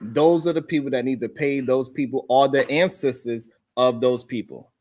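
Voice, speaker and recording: A man's voice: mid-range voice, moderate pace. A man co-hosting a casual livestream, reading viewer messages aloud and reacting to them emphatically. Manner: animated, reads super chats aloud with emphatic reactions. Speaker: co-host.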